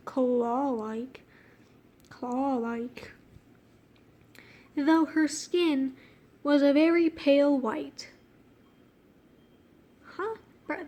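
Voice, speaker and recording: A woman with a high, bright-pitched voice reads her old childhood story aloud at an unhurried pace. She keeps stopping to laugh at it and tease herself in slangy asides, losing her thread and picking it back up. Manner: giggly, slangy and self-mocking; easily distracted, breaks off mid-sentence. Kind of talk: reading aloud with joking commentary.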